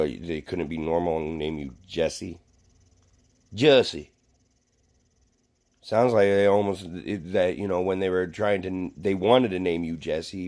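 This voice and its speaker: A man's voice: deep voice, dark tone. A man vlogging a casual, rambling rant to camera, swearing freely and full of fillers and restarts.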